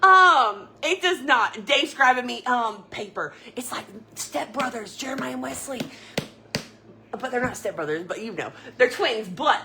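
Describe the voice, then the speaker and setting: A woman's voice: fairly high pitch, animated, unhurried, background noise. A middle-aged woman, chatting casually with viewers as she hosts a live stream from her home kitchen. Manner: chatty, laughing, greeting viewers by name.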